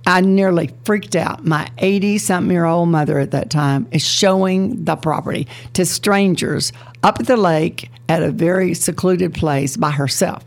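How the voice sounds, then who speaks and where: An older woman hosting a casual chat, telling stories and quick to joke. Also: lowish voice. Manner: chatty storyteller, quick to joke. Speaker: host.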